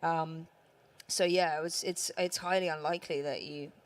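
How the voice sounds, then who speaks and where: A woman with a London accent speaks on a conference panel stage. Her voice sits a touch low, and she tells her stories in a chatty way, laughing freely. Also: fairly even intonation, moderate pace. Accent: London English. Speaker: voice actress panelist. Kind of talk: casual panel chat.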